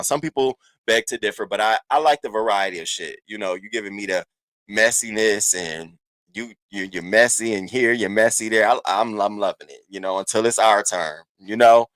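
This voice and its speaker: Brief: male livestream host, AAVE, lively and profane, greeting viewers one by one, dry room. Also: medium pitch, no echo. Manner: animated, profane, shouting out chat names. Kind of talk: casual livestream chat.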